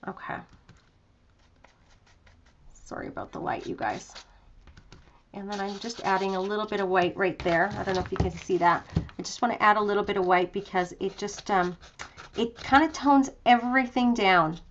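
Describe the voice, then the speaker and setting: A woman's voice: medium pitch, fairly quick, highs cut off, a little hiss or hum. A young woman hosting a live craft tutorial from her home craft room, chatty and self-deprecating, with lots of fillers. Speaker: craft demonstrator.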